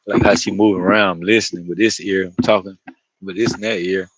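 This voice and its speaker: A man's voice: sits low, steady tone, brisk, breathy edge, dry recording, low-quality recording. A man talking to camera outdoors in a loose, rambling monologue, slangy and profane, often laughing. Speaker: vlogger.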